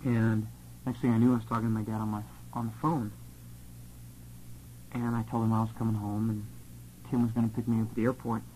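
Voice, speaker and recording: A man telling a personal testimony of his missionary years in an earnest, steady, plain-spoken way. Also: on the low side, fairly quick, long pauses, slight background noise, rough recording.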